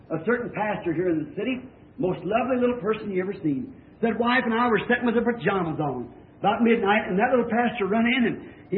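An older man preaching a fervent sermon that rises to shouts. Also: very high voice, echoey room, slight background noise. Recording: tinny old lo-fi tape, congregation faint.

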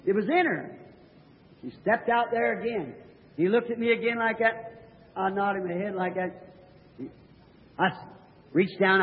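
A man preaching, telling a story in a sermon with folksy rural grammar and earnest emphasis. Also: high-pitched. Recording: old tinny recording of a reverberant hall.

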